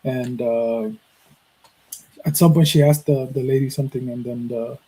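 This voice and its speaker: Podcast host, man, 30s, from Mexico; mellow, husky tone; swears freely while narrating and acts out quoted lines. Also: medium pitch, normal speed, poor audio. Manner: profane, animated, acts out quoted dialogue. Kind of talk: casual storytelling.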